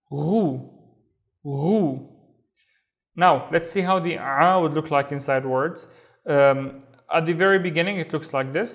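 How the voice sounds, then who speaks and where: A man teaching Arabic reading, sounding out syllables slowly and patiently. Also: on the high side. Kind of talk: language lesson.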